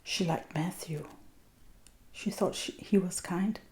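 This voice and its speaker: Soft-spoken Danish-accented woman reading. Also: lowish voice, a little hiss or hum. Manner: gentle, unhurried, often half-whispered. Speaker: reader. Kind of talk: soft ASMR read-aloud narration.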